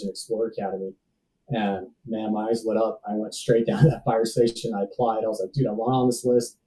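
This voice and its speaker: The speaker is a podcast guest in his thirties who works in safety. His lowish voice has a warm tone but sits far from the mic in a rough recording. He relays a personal story in loose, slangy language, tossing around "dude" and "bro."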